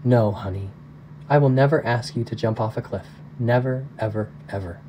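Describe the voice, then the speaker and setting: A man reading aloud, voicing a gentle father who speaks softly and tenderly to his daughters. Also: mid-range voice, big pitch swings, moderate pace, a little hiss or hum, close to an everyday voice, poor audio. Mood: soothing. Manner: soft, tender and reassuring.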